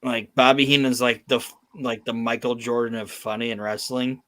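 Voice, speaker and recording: A man's voice: mid-range voice, little pitch movement, moderate pace, sharp tone, dry recording. Profane, emphatic male podcast host. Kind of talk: casual chat.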